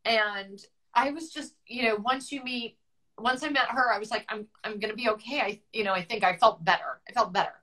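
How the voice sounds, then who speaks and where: A middle-aged woman with a bright, forward voice tells her personal story over a video call. She is chatty and open with her feelings, and she often stops and restarts her sentences as she goes. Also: fairly high pitch, normal speed, rough recording. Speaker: guest author.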